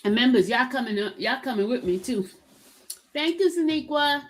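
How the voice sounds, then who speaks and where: A woman hosts a relaxed livestream, her voice sitting a little high. She chats directly with her viewers, greets them by name and circles back over the same lines again and again. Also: normal speed, noisy background. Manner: chatty, repeats herself, calls out to viewers by name. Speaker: livestream host. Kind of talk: casual livestream chat. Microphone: streaming setup.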